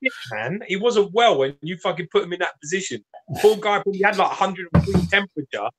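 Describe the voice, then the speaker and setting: A man with a fairly high, husky voice trades teasing, profane banter as a live stream co-host. His jabs come in a loose, offhand chat style. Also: animated, fast, poor audio.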